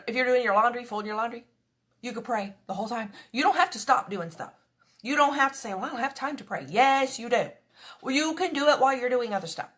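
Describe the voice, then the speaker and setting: A woman's voice: a little high, fairly bright tone. A woman giving a conversational devotional talk, chatty and earnest, slipping into little quoted prayers as she teaches. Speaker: devotional speaker.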